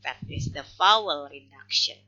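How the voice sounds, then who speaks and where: A woman teaching a phonology lesson in a recorded lecture. She explains slowly and step by step, with non-native English grammar, and checks in often with "okay". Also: low voice, sharp tone. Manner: slow explanatory, frequent "okay" check-ins. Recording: dull lo-fi recording.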